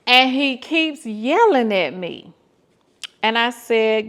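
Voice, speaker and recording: A woman in her fifties with a Southern US accent, telling dating stories to her viewers in an animated, exasperated way, acting out bits of the dialogue. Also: a little high, slow pace. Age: 50s. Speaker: vlogger. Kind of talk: casual storytelling to viewers.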